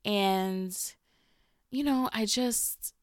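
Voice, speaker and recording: A woman hosts her own podcast in a loose, confessional way, swearing and using slang freely. Her voice is smooth and clear. It is recorded close to the mic with a dry sound and no room echo. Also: mid-range voice, very slow. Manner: candid, profane, slangy. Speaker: podcast host. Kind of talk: casual confessional podcast talk.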